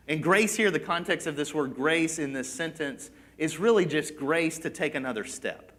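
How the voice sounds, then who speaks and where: A man's voice: fairly high pitch, moderate pace, few pauses, bright, forceful tone. A man preaching a sermon in a casual, conversational way that builds at times into impassioned pleading. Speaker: pastor.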